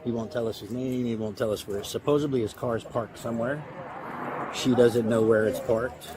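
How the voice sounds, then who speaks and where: A man's voice: mid-range voice, fairly even intonation, moderate pace. A male police officer, speaking outdoors, briefing colleagues in a blunt, matter-of-fact way, recorded on a body camera. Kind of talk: unscripted on-scene briefing. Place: outdoors near a beach. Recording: loud crowd noise around.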